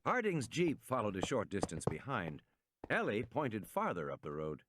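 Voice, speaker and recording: A man reading a novel aloud with expressive, dramatic pacing, with loud gunfire behind. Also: fairly low pitch, moderate pace, no echo. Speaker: audiobook reader.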